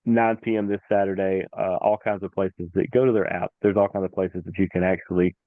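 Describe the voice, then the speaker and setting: Low-voiced man recapping fights. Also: fairly quick, no echo, phone-quality sound. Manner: animated storytelling, acts out the referee. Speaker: podcast host. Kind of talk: casual fight-sports recap.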